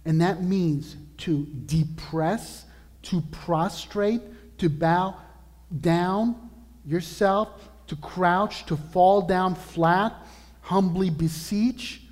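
A man preaching a sermon as pastor, earnest and emphatic, slowing down to stress key words. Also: sits high, darkish tone, long reverb tail. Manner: earnest, emphatic preaching with slow drawn-out lists.

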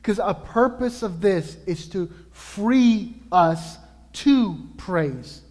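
A man preaching a sermon as pastor, earnest and emphatic, slowing down to stress key words. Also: sits high, expressive, a little mellow, big-room sound. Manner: earnest, emphatic preaching with slow drawn-out lists.

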